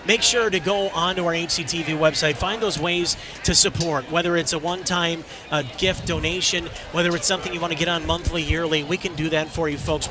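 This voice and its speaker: A man calling a local high school football game, excitable and shouting at big plays. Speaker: play-by-play announcer. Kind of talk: local sports commentary. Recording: crowd noise behind.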